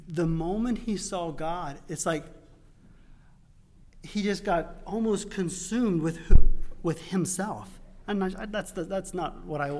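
Slow-talking preacher in a reverberant hall. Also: male voice, a little high. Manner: conversational, with restarts and sudden loud emphasis. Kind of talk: sermon. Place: church sanctuary. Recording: long reverb of a church hall.

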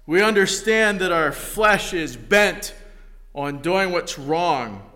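A man preaching a sermon, telling a story slowly and deliberately before reading scripture. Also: high voice, expressive, sharp tone, big-room sound. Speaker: pastor.

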